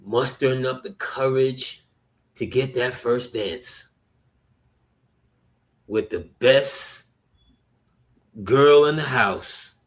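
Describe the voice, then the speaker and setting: A man's voice: mid-range voice, drawn-out words, pauses often. A man in casual podcast chat, reminiscing enthusiastically and laughing along. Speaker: podcast co-host.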